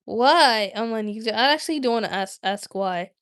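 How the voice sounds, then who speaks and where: A woman's voice: a little high, expressive, normal speed, fairly bright tone, clean tone. A young woman chats with her stream viewers in a loose, rambling way. She often stops mid-sentence and starts over, sounding like a talkative host. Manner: rambling, self-interrupting, chatty. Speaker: livestream host. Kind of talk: casual chat with viewers.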